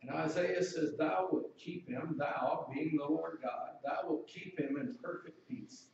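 A man's voice: on the high side, unhurried, gravelly, darkish tone, distant mic, dull audio, slight background noise. Preacher man in an echoey church. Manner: conversational, asks the congregation questions. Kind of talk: sermon.

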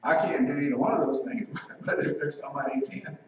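A man preaching a sermon, pressing his point with rhetorical questions and slowing down for scripture and key lines. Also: fairly high pitch, animated. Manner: emphatic, asks rhetorical questions. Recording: very echoey room, distant mic, dull lo-fi sound.

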